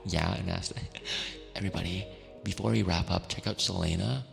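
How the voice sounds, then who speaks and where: A man streaming ASMR, talking gently and affectionately, laughing often and slipping between a whisper and a soft voice. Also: low voice, fairly even intonation, normal speed, vocal fry, big-room sound, soft background music.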